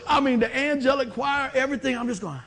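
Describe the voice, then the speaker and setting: In a very noisy recording, a middle-aged West Virginian delivers a sermon built around a long story from his own life. His pitch is very high and his pace quick, and he acts out the voices of the people involved, punctuated by bursts of loud whooping.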